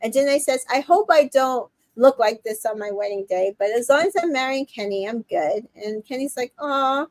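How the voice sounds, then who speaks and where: A woman hosting a casual recap chat, retelling scenes and quoting the cast in quick put-on voices, with plenty of fillers. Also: on the high side, no echo. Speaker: podcast host recapping a reality show.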